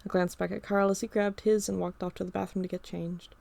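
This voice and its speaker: A woman narrating an audiobook in a steady storytelling read. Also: medium pitch, fairly quick, gravelly, dry recording.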